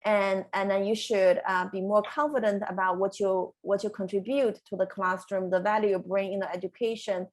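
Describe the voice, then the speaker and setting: A woman's voice: medium pitch, flat delivery. Earnest woman faculty panelist with restarts. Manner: earnest, measured, with many restarts. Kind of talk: panel discussion answer.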